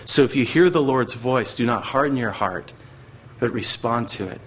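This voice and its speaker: Delivering a sermon with earnest conviction, a middle-aged pastor occasionally performs the voices of God, Satan and other biblical figures. His mid-range voice carries a breathy edge and moves at a moderate pace.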